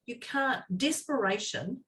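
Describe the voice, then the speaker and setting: A woman's voice: on the high side, expressive, unhurried, fairly bright tone, far from the mic. A woman co-hosting a casual chat podcast, talking animatedly and acting out the voices of people she quotes, with frequent laughter. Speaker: podcast co-host.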